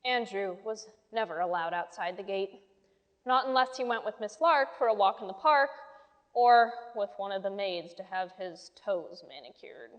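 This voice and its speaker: A woman reading a children's story aloud with lively, expressive storytelling. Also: medium pitch, normal speed. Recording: long hall reverb.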